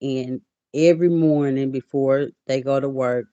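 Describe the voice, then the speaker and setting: Woman, 40s, livestream host; deep, dry voice, chatty and heartfelt, dull lo-fi sound. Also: steady tone, a little slow, smooth, no echo. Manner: chatty, greets viewers mid-story; emotional, softening to quiet. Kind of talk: casual livestream chat. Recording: dull lo-fi audio.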